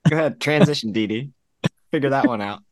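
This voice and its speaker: A man's voice: medium pitch, fast talker, no room sound, clean studio sound. A man co-hosting a casual podcast, joking in an easygoing way. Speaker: podcast co-host. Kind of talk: casual chat.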